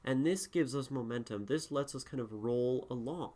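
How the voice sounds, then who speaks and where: A young man on a live stream who reads poems aloud and critiques them, talking in a relaxed way and thinking aloud. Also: mid-range voice, normal speed.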